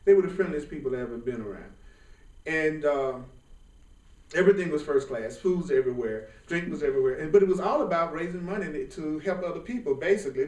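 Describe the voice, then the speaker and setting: A man giving an informal spiritual class, talking in a lively, colloquial way and often laughing. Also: fairly high pitch. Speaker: spiritual teacher. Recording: roomy sound from a distant mic.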